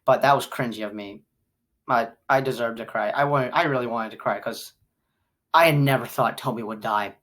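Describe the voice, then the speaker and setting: A woman giving a casual spoken film review who rambles and repeats herself, jumping from loud excited outbursts to low mutters. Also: moderate pace.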